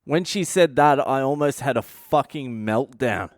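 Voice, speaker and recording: A man's voice: mid-range voice, measured pace, dry recording, clean studio sound. Swearing Australian man telling a story. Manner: swears constantly, blunt and conversational. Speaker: comedian and podcast host. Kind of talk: casual comic storytelling.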